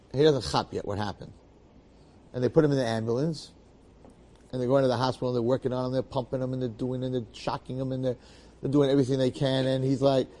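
A man telling a long story aloud in a lively, dramatic way, repeating phrases and adding asides. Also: mid-range voice. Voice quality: bearded, uses Yiddish and Hebrew terms. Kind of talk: animated oral storytelling.

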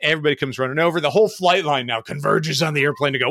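A man's voice: on the high side, very fast, no echo. A middle-aged man telling flying stories in a casual podcast chat, acting out the voices of the people in them. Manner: animated, acts out quoted voices. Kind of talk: casual storytelling.

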